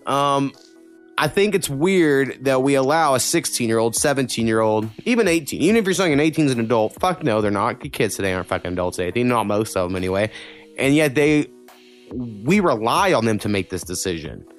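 A man's voice: mid-range voice, lively intonation, a little fast, faint music behind. A young man from Oklahoma in casual podcast chat, rambling with lots of fillers and swearing. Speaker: podcast co-host.

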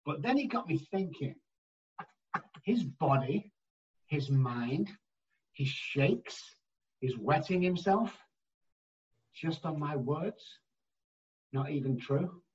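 A man working as an addiction therapist, telling stories in an interview in an emphatic, animated way and acting out the voices he quotes. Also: on the high side, slow, long pauses, recorded from a distance, muffled recording. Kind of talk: storytelling in a conversational interview.

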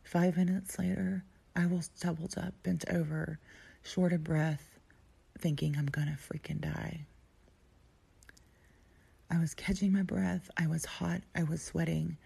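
A woman telling a personal story in an intimate way, often dropping to a breathy near-whisper. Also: lowish voice, steady tone, unhurried, long pauses, dark tone. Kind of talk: personal story told aloud.

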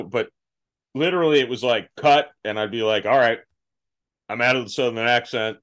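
A man's voice: medium pitch, moderate pace, fairly bright tone. Laid-back self-deprecating male podcast host. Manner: self-deprecating, laughing at his own stories. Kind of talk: casual interview chat.

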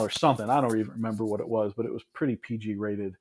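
A man's voice: fairly low pitch, steady tone, rapid-fire, a little mellow. A man in his thirties from Michigan, speaking as a podcast guest. He tells his story in a casual, reflective way. He often restarts and adds asides as he goes. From Michigan, USA.

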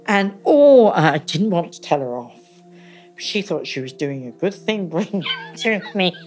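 A woman's voice: lowish voice, a little slow, soft background music. An older woman, a mother, telling family stories in a casual interview and acting out old moments with laughter. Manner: animated, laughing as she acts out memories.

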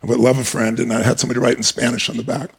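A man telling a personal story on stage as a guest speaker, animated and emphatic, acting out the scenes. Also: mid-range voice, rapid-fire, vocal fry, husky.

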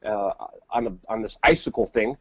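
A man's voice: on the low side, moderate pace, a bit bright, breathy edge, dry recording, muffled recording. A man co-hosting a podcast, chatting casually over a remote call with rambling, repeated words and many fillers. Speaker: podcast co-host reporting from the field. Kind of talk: casual live-stream chat.

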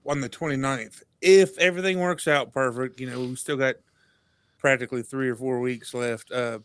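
A man, a podcast guest telling stories in casual chat, animated and laughing, acting out what people said. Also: mid-range voice, moderate pace, smooth, dry recording, studio quality. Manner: animated, laughing storyteller who acts out quotes.

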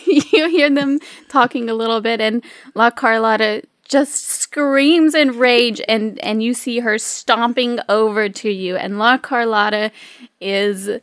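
A woman's voice: a little high, no room sound, studio quality. A woman narrating a tabletop game as game master, chatty and often laughing.

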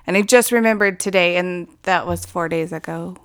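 A woman's voice: on the low side, moderate pace, clear, resonant tone. A woman co-hosting a podcast in casual chat, easygoing and swearing casually. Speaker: podcast co-host and editor.

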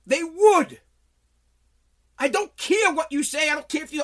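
A man hosting a podcast from his home basement, delivering an angry, profane political rant that bursts into shouting. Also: very high voice, measured pace. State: sweating. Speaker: podcast host.

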